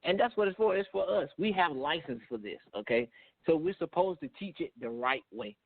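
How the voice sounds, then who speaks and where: A man's voice: on the high side, lively intonation, brisk. A man appearing as a married guest on a podcast, talking earnestly with a preachy, faith-driven manner. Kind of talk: casual chat. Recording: dry, tinny phone-line sound.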